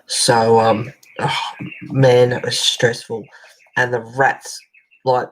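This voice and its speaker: A woman's voice: a bass voice, little pitch movement, slow, rough recording. An Australian woman hosting a colouring channel, telling a long rambling story in casual chat as she colours, swearing now and then.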